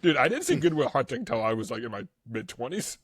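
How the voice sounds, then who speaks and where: Husky male co-host, rambling, laughs easily, dry close mic. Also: medium pitch, sing-song, no room sound. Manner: rambling storyteller, quick to laugh, acts out quoted voices. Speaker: podcast co-host. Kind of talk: casual podcast chat.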